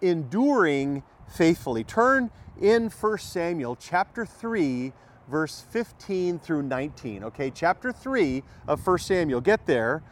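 A man's voice: a little high, big pitch swings, slow. A man preaching a sermon in an emphatic way, repeating key phrases and asking rhetorical questions.

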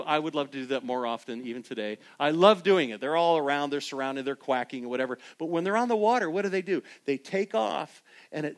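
Emphatic middle-aged male preacher. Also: on the high side. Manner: emphatic, rising to loud preaching peaks. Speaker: pastor. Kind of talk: sermon.

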